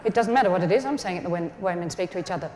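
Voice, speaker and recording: Australian woman mimicking a deadpan, still-faced man: low, flat, no movement, roomy hall sound. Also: rapid-fire, noisy background, close to an everyday voice. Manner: flat, still, deep monotone. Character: monotone stone-faced man talking business. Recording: echoey hall, faint ambience.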